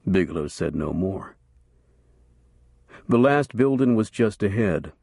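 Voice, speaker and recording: A man narrating a western novel as an audiobook in a steady, measured storytelling voice. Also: deep voice, no echo, clean studio sound.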